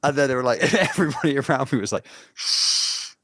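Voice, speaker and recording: A man's voice: mid-range voice, expressive, racing, fairly bright tone, dry recording, clean studio sound. A man co-hosting a podcast in casual chat, rambling and swearing freely. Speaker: podcast co-host.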